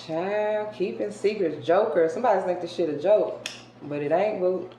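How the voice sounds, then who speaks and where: A woman doing a casual tarot card reading for her viewers. She talks colloquially and emphatically, jumping between loud outbursts and hushed asides. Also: fairly low pitch, moderate pace. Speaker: tarot reader. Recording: roomy echo with faint background hiss.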